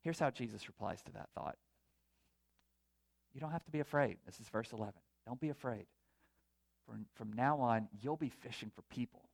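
A man's voice: medium pitch, lively intonation, moderate pace, gravelly, long pauses. A man preaching a conversational sermon to a live congregation, retelling a story and asking the audience to raise their hands. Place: church or hall before a live congregation.

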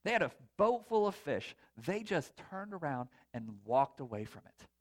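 Animated man preaching a lively sermon. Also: a little high, normal speed. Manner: conversational, animated, asks audience to raise hands. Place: church or hall before a live congregation.

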